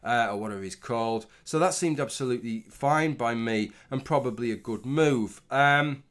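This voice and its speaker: A man's voice: mid-range voice, a little fast, few pauses, a bit bright. A middle-aged man giving a casual, rambling opinion commentary, swearing often and restarting his sentences. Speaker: commentary vlogger.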